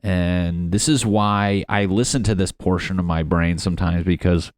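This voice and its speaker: A young man talks alone on his comedy podcast from his apartment. His voice is low and the sound is dry and close, with no room around it. He rambles, swears freely and pokes fun at himself. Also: fairly even intonation, moderate pace, no room sound. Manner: profane, self-deprecating, rambling. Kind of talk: rambling solo podcast monologue.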